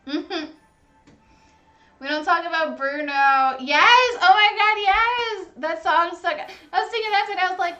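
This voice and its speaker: A woman's voice: very high-pitched, normal speed, bright, forceful tone, dull audio. A woman hosting a livestream, chatting casually while eating, gushing and talkative with many "like"s. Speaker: livestream host.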